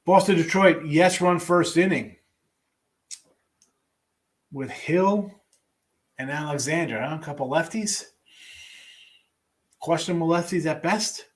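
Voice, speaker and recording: Wry, offhand sports betting host. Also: male voice, a little high, slow pace, pauses often. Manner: offhand, wry asides, trailing restarts. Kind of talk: casual picks rundown, reading live chat.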